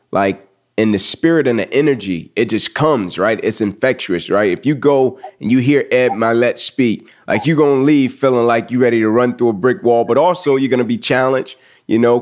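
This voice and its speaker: Male podcast host, enthusiastic, affirming, casual. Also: mid-range voice. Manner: enthusiastic, affirming, peppered with 'right?' and 'like'. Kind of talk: casual interview conversation.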